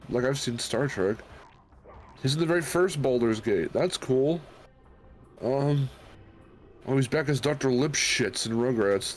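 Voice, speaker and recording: A male streamer in casual chat who thinks aloud, rambles and swears freely. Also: mid-range voice.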